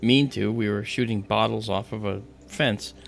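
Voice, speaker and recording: A man's voice: on the low side, steady tone, normal speed, gravelly, slight background noise. A man hosting a livestream, telling a childhood story in casual chat and acting out the other people's voices as he goes. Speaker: livestream host.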